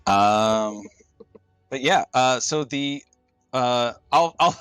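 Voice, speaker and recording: A man running a tabletop game as game master, talking in a halting way with many restarts. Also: medium pitch, a bit bright, smooth, no room sound. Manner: halting, full of fillers and restarts.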